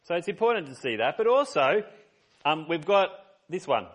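A man's voice: a little high, sing-song, normal speed, a bit bright. A man preaching a sermon as a pastor, reading scripture and telling personal stories in an earnest, conversational way.

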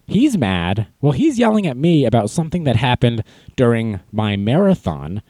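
A young man hosts a podcast, telling stories in a casual, self-mocking way. His pitch swings widely as he talks, and he jumps into a high voice to act out quotes. The sound is dry and close. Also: very animated, moderate pace, warm tone, breathy edge, no room sound. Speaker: podcast host. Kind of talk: casual storytelling monologue.

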